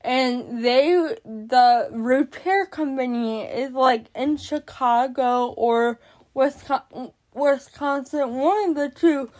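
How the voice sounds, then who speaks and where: A woman's voice: high-pitched, slow, darkish tone. A woman hosting a podcast, telling a personal story in casual talk, exasperated and swearing now and then. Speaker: podcast host.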